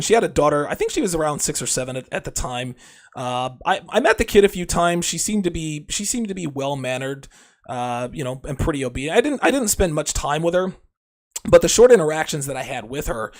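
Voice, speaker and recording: Swaggering, crude man with lively pitch. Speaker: podcast host. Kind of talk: brash monologue to listeners.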